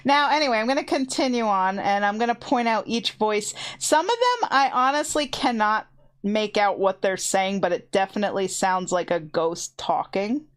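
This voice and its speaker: A woman streamer from her home computer setup, casually and excitedly telling ghost stories to her chat in a rambling way. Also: mid-range voice, moderate pace. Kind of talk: casual storytelling to a live chat. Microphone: desk mic with headphones on.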